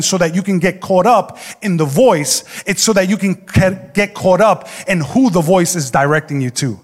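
A man with a bright, high voice preaches a sermon, emphatic and conversational, turning often to the congregation. His voice rings out with a long reverb off the walls of a large church hall. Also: moderate pace, hardly any pauses.

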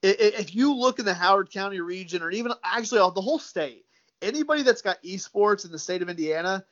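A man with a high-sitting, slightly bright voice talks fast and animatedly as a guest on a sports podcast. Easygoing and prone to repeating words, he keeps calling the host "dude" and "man" in casual chat, and the lo-fi recording sounds a little dull.

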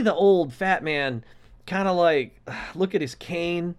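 A man co-hosting a podcast, telling a story in casual chat. His voice sits a little high. He acts out the people in his story with animated voices. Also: slow, smooth. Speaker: podcast co-host.

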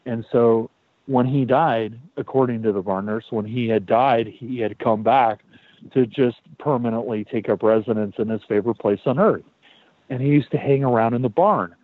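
A man's voice: medium pitch, moderate pace, dry recording. A man hosting a podcast, telling a story in a loose, chatty way, repeating words and swearing now and then. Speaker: podcast host. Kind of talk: casual storytelling. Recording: tinny phone-like dry sound.

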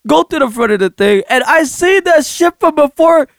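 A man with a high, bouncing voice tells a long story in a casual chat. He swears freely and keeps breaking into laughter. The sound is dry and close. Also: expressive, normal speed, a bit bright, no room sound. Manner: profane, laughs through his story. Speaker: storyteller recounting a game session.

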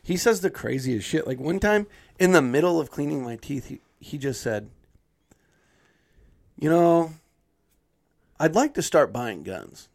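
A man casually telling a funny story on a podcast, acting out other people's lines with a lively put-on voice. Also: on the high side, measured pace, gravelly, long pauses.

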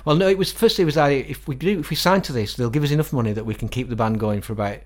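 A middle-aged man with a Northern English accent, a musician guest telling animated stories in a casual interview. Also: medium pitch, racing. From England. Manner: animated, quotes others in acted-out voices, laughs often.

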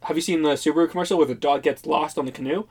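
A man on a comedy podcast judging the round, throwing in quick quips. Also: fairly high pitch, darkish tone, husky. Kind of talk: casual comedic banter.

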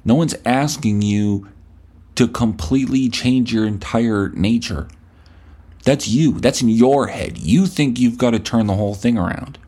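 A man's voice: medium pitch, unhurried, mellow, husky. A male podcast host delivering a blunt, profane, scolding rant at the listener. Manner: blunt, scolding, heavy swearing.

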